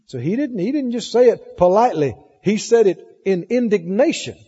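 Pastor guy preaching high and lively, mellow kinda husky tone, old dull tape with a long echoey church reverb. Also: moderate pace. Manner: animated preaching, reads scripture aloud, asks the congregation questions. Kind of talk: sermon.

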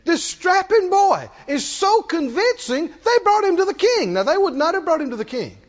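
A man preaching a sermon, telling a story dramatically, acting out the characters and swinging from shouts to near-murmurs. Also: extremely high pitch, very animated, muffled recording. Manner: acts out the characters' lines in quick voices.

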